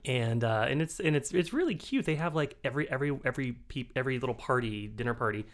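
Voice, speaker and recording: A man's voice: medium pitch, fast. A man co-hosting a podcast, telling a rambling funny story in casual chat, swearing freely and laughing as he talks. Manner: animated storyteller, acts out his own shouts. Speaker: podcast co-host.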